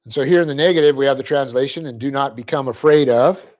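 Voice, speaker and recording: A man's voice: medium pitch, darkish tone. A middle-aged man giving a classroom lecture on Greek grammar as a Bible teacher, explaining patiently, often checking in with his class and laughing at his own slips. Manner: light-hearted, quick to laugh at himself. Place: church classroom.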